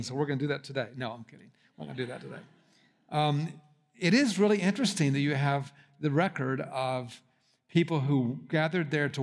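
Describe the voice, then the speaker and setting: A man preaching a sermon, teaching on a Bible passage and building to emphatic repeated questions. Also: a little high. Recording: long hall reverb.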